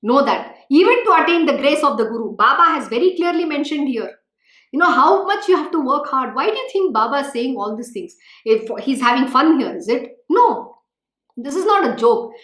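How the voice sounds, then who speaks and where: High-voiced woman scolding devotees. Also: very animated, moderate pace, a bit bright, roomy sound. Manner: scolding, emphatic, rhetorical questions. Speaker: spiritual teacher. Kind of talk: devotional talk.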